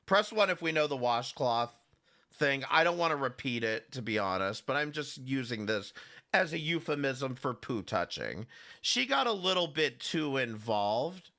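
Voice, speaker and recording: Speaking at normal speed, a man with a sharp-toned, mid-range voice hosts a live commentary stream with a very animated delivery. His talk is loose and sarcastic; he greets people in chat by name, rambles, restarts his sentences, and swears.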